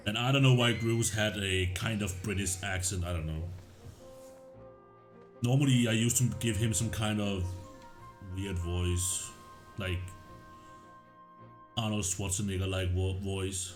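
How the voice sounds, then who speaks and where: A man's voice: fairly low pitch, fairly even intonation, a little slow, long pauses, faint music behind. Rambling male game streamer. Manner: rambling, reads game dialogue aloud. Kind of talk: let's play commentary.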